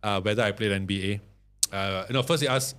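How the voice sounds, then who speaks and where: A man's voice: on the low side, brisk, fairly bright tone, clean tone. A man hosting an interview, with dry, teasing humour. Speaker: podcast host. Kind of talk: casual interview chat.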